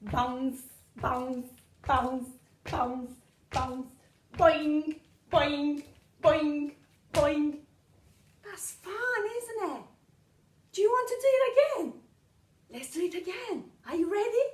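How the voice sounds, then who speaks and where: A woman's voice: very high voice, sing-song, slow pace, pauses often, heavily acted. A woman playing a cheerful female kangaroo for children, chanting bounce and boing words in a chirpy way. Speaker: children's centre worker. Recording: roomy echo.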